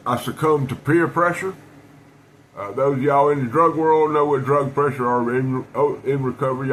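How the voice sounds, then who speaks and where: A man, his voice sitting at an ordinary middle pitch for a man, talks casually to camera with faint room ambience underneath. He tells things in a folksy, rambling way, looping back on himself with restarts and fillers. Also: a little hiss or hum, low-quality recording. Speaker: knife collector vlogger.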